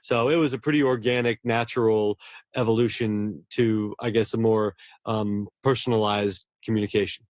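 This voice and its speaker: A man's voice: lowish voice, steady tone, normal speed, a little mellow, dry recording, studio quality. A man, a horror novelist, talking earnestly and at length in a casual interview, often restarting his words.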